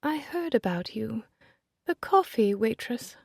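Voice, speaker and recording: A woman's voice: a little high, big pitch swings, unhurried, creaky, a little mellow, husky, no room sound, studio quality, voice pushed up, exaggerated voice. A woman voicing a cold, catty young noblewoman with a light, delicate voice, sweetly spiteful. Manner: sweetly spiteful, smiling while cutting.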